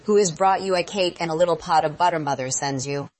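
A woman voicing an innocent little country girl in a storybook reading, bright and naive. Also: deep voice, quick pace, close to an everyday voice. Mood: polite.

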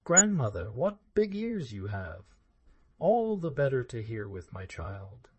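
A cunning big bad wolf from a storybook, coaxing and sly, dropping his voice low and soft to hide his menace, as a man reads him aloud. The tone is dark and mellow, recorded dry and close. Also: very animated, unhurried, slightly rough, no echo.

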